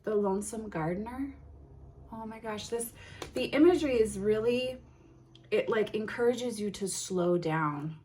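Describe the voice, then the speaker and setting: A woman hosting a tarot unboxing, reading card titles aloud in a gentle, admiring way with soft exclamations. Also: medium pitch, unhurried, a little hiss or hum. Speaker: tarot reader and channel host.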